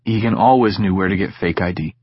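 A man narrating a science fiction audiobook in measured, steady storytelling. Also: low-pitched, lo-fi sound, a little hiss or hum. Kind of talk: scripted narration.

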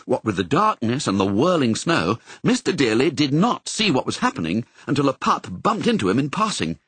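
A man narrating a children's storybook in an expressive, storytelling way. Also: medium pitch, moderate pace, slightly rough, no room sound. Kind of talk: audiobook reading.

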